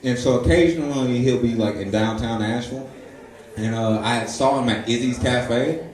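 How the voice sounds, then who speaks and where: A man in his twenties doing a stand-up comedy set, telling stories with loud acted-out quotes. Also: medium pitch, moderate pace, distant mic. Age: 20s. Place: comedy club stage. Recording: echoey live room, audience laughter. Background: audience laughing.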